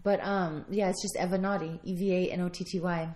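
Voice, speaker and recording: A woman's voice: on the low side, steady tone, fast talker, darkish tone. A woman guest in a casual interview, talking in a bubbly way full of "like" fillers.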